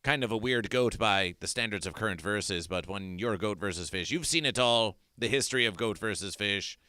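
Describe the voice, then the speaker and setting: A man's voice: lowish voice, moderate pace, sharp tone, clear, resonant tone, dry recording, clean studio sound. A man hosting an absurdist comedy stream, talking in a theatrical, repetitive, chanting way. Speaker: host.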